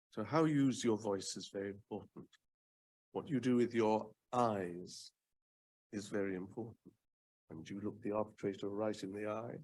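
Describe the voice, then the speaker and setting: An older man from the United Kingdom, a former advocate, speaking in a fireside chat. He talks in a measured way, repeats words for emphasis and pauses often with ums. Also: lowish voice, a little mellow, a little hiss or hum.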